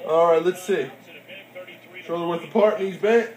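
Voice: medium pitch, normal speed, pauses often, darkish tone. A parent counting workout reps aloud in a playful, teasing way during a home video. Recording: echoey room.

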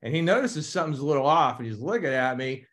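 A man's voice: medium pitch, lively intonation, quick pace, a bit bright. A man in his fifties, an attorney, telling casual courtroom stories with frequent chuckles and acted-out quotes. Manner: chuckles often, acts out quoted dialogue. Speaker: attorney guest. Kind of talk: casual anecdotal storytelling.

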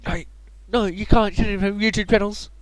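A man putting on a cheeky young hero, pitched well above his own voice and loud. Excited, brash and defiant. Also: fast, no echo, lightly acted. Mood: eager.

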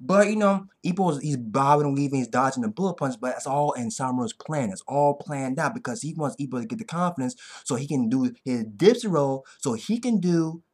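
A man giving an excitable, profane anime fight recap that keeps bursting into yells. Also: medium pitch, fairly quick, few pauses. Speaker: anime reaction vlogger. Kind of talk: hyped casual recap.

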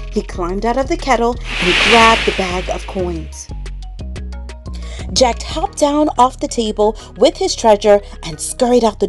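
A woman reading a children's bedtime story aloud in an expressive, dramatic way with pauses. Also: fairly high pitch. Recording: soft music underneath.

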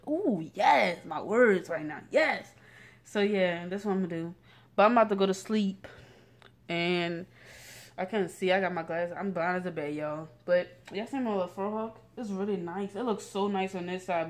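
A teenage girl talks straight into her phone camera in a loose, rambling rant. Her talk is full of slang, restarts and fillers, sitting at home late at night. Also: fairly low pitch. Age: late teens. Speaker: vlogger.

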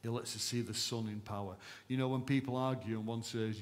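A male pastor delivers a sermon to his church with a voice of ordinary middle pitch. His preaching is impassioned, pushing hard on key lines before sinking to a hushed, earnest tone. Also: fairly even intonation, fast, hardly any pauses, slight background noise. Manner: impassioned, emphatic preaching that swings from loud to hushed. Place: church service.

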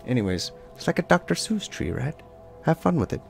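Gravelly laid-back man drawing along. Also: fairly high pitch, sing-song, a little fast, faint music behind. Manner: rambling, loose, full of "like" and sound effects. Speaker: art teacher. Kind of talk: casual draw-along tutorial.

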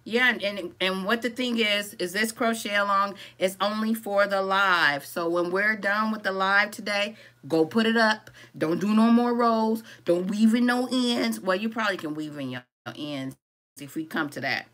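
A woman's voice: mid-range voice, normal speed. A woman hosting a live crochet tutorial in a casual, chatty way, greeting viewers by name and reading out their comments as she works. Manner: casual and relaxed, calls viewers "y'all". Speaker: crochet-along host. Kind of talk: live-stream craft tutorial.

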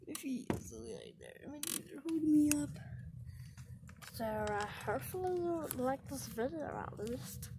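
Bubbly, lively high-voiced young woman vlogger. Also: normal speed, background noise. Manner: playful, bursts of whispering and squealing. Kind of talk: casual vlog, spying on her cat. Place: home bedroom, indoors.

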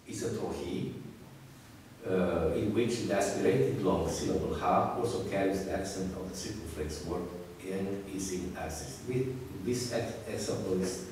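A man giving an academic lecture, speaking haltingly with many fillers and restarts. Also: sits low, darkish tone. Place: lecture room. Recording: distant echoey hall recording with hiss.

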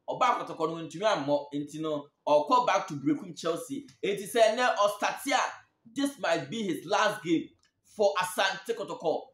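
A Ghanaian man with a high-pitched voice talks football in a casual, chatty way, going back over his points to press them home. He is heard in an echoey room. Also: fairly bright tone. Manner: chatty, repeats points for emphasis. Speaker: sports show host. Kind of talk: casual football talk, mixing Twi and English.

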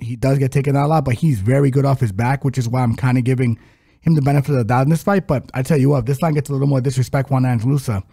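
A man's voice: mid-range voice, warm tone, dry recording, clean studio sound. A man co-hosting a fight betting podcast, speaking bluntly and in a laid-back way with frequent hesitations. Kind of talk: casual sports betting chat.

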